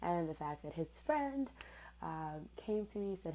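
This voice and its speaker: A woman's voice: lowish voice, expressive, unhurried, mellow, low-quality recording. A woman in her twenties telling a personal story in a candid, sarcastic way, swearing casually. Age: 20s.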